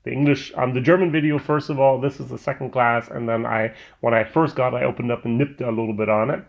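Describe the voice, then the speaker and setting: Male vlog host, mid-pitched, rambling and filler-heavy, slightly dull recording. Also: steady tone, fast, gravelly. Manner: rambling, full of "um" and restarts. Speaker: host reviewing whiskey. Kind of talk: casual review vlog.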